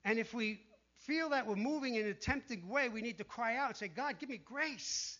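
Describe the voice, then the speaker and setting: A man preaching a sermon in an animated way, dropping to a hush when he quotes the tempters. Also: very high voice, a little fast. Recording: dull lo-fi sound.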